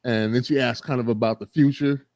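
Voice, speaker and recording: Mellow-voiced man recapping with laughs. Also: mid-range voice, a little fast, no echo. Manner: animated storytelling, laughs often. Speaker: podcast host recapping an episode. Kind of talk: casual chat.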